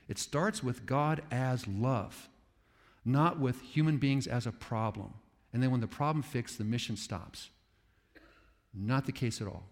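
A man delivers a sermon to pastors, telling homespun stories with animated swings of pitch and volume. His voice sits a little high for a man. A long hall reverb trails each phrase. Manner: storytelling, animated, self-aware. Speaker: preacher.

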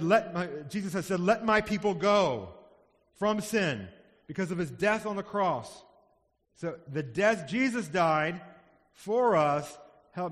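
A man's voice: sits high, fairly bright tone. A man preaching a sermon as pastor, earnest and building to emphatic passages. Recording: long hall reverb.

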